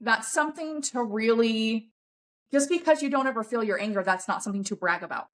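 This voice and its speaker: A woman's voice: a little high, fairly quick. A woman talking bluntly and emphatically as a podcast guest, swearing often in a coaching tone. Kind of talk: casual podcast conversation.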